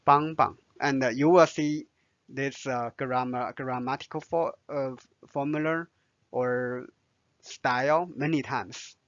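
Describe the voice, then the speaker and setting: A man teaching a language lesson, a native Chinese speaker who explains patiently, repeats each word and pauses with "uh". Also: medium pitch, fairly even intonation, no room sound, highs cut off. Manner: slow, patient, repeats words, many "uh" pauses.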